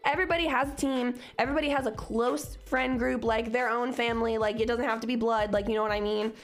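A woman's voice: fairly high pitch, fairly even intonation, quick pace, soft background music. Young woman co-host, profane and upbeat. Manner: loose, profane, confident pep talk. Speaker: podcast co-host. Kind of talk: casual chat.

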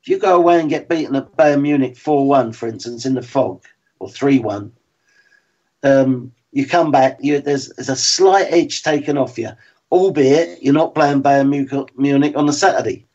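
A man in his sixties, a former footballer, talking frankly and in a measured way as an interview guest. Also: medium pitch, a little mellow. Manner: frank and plain-spoken, measured. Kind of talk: reflective interview talk. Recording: slightly dull lo-fi sound.

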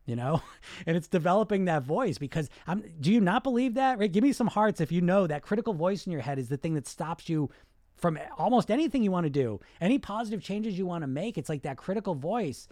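A man's voice: high-pitched, sing-song, brisk, a little mellow, no echo, studio quality. A man coaching on weight loss in a live podcast monologue, blunt and profane, acting out the inner voices he talks about.

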